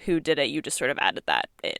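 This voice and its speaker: A woman's voice: very deep voice, very animated, fast, creaky, fairly bright tone, clear, resonant tone, no echo, studio quality. A woman co-hosting a podcast, chatty and playful, asking questions. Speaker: podcast co-host. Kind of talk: casual chat.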